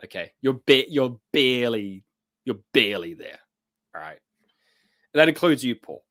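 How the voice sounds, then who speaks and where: A man's voice: medium pitch, a bit bright. Casual New man chatting live. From New Zealand. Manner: loose, joking, with many fillers and restarts. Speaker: host. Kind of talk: casual livestream chat reading comments.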